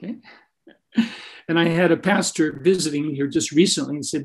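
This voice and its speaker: Earnest older man telling stories, slightly higher voice. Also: fairly quick, pauses often, breathy edge. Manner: earnest anecdotal storyteller with frequent "right?" tag questions. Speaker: podcast guest, Christian minister. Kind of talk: storytelling interview.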